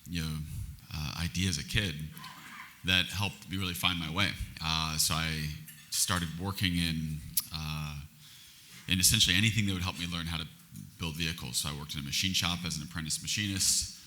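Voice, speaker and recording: A man's voice: low voice, steady tone, moderate pace, pushed and bright, slight background noise. A man in his forties, a company CEO, answering on stage in a reflective, earnest way with frequent restarts. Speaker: company CEO, guest speaker. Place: event hall on stage.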